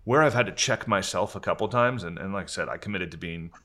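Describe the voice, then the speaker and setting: A man's voice: low voice, sharp tone. A man leading a company, candidly telling a long story on a video call in an earnest way, often restarting his sentences. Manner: earnest, frequent restarts, speeds up and slows down. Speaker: company leader and podcast host.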